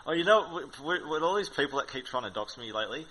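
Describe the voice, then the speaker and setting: A man's voice: mid-range voice, very animated, fast, crowd noise, low-quality recording. A man as a guest in a casual chat, insisting on his point and defending himself. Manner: insistent, defensive, laughs at his own jokes.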